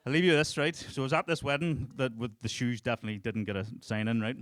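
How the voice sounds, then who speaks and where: A thirtysomething comic from Northern Ireland, strongly accented, works a club stage with crude storytelling and laughs through the punchlines. He talks quickly in a steady, medium-pitched, fairly bright voice, and there's no room sound.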